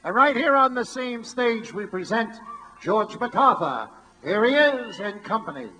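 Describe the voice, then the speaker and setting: Older showman, bright theatrical voice. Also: high-pitched, very animated, unhurried. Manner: theatrical storyteller's delivery. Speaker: master of ceremonies. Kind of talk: live stage showmanship. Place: stage before a live audience.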